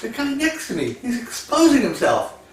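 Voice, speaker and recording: Man putting on fussy woman in theater, high whiny complaint, echo, distant. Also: huge pitch swings, moderate pace, heavily acted. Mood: indignant. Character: indignant woman in a movie theater. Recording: echoey, distant, faint crowd.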